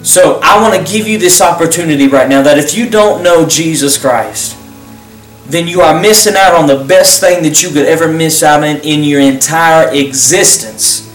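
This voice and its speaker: A man's voice: a little high, moderate pace, faint music behind. A man who pastors and hosts the program, giving a fervent, repetitive closing altar call and leading a prayer. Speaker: pastor and host. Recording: roomy sound, distant mic.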